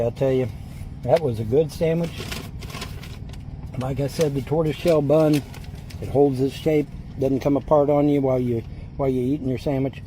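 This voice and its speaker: A man chatting casually as he eats fast food in his parked car, drawling and rambling. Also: medium pitch, steady tone, noisy background. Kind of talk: casual mukbang chat. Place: parked car at a drive-thru.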